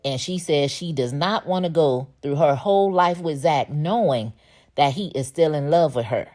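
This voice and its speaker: A woman's voice: low voice, normal speed, darkish tone. A woman hosting a casual, opinionated TV episode recap, chatting and laughing as she retells the plot.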